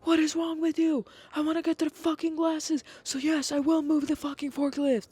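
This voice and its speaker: A podcaster voicing a foul-mouthed, furious grandpa customer who yells and swears at a store worker. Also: high-pitched, little pitch movement, normal speed, voice pushed up, lightly acted. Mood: furious yelling. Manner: yelling, swearing, indignant.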